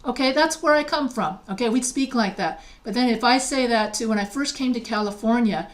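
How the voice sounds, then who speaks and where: A woman's voice: on the high side, a little fast. A middle-aged woman from New York, a writing teacher giving a video lecture. She reads textbook examples aloud and then explains them in a conversational way.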